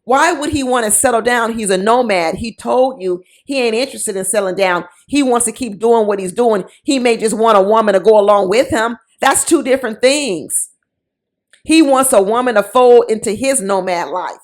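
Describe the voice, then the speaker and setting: Woman, sassy, animated, fairly high voice, reality-show commentary. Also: moderate pace. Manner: sassy, animated, mocks people with quoted voices. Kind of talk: casual opinion commentary.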